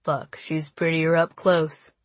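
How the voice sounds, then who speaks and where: A woman's voice: sits low, level tone, slow pace, dry recording. A woman reading an audiobook, voicing a cocky, callous teenage boy who drawls crude, offhand remarks. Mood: smirking. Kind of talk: audiobook character voice.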